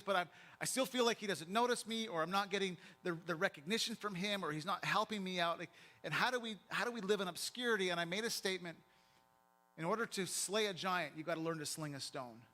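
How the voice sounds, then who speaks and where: A man with a high voice delivers a sermon from a church pulpit. He has a bright, forceful tone and talks in a vivid, conversational way, as if he were chatting with the congregation. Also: fast. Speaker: pastor.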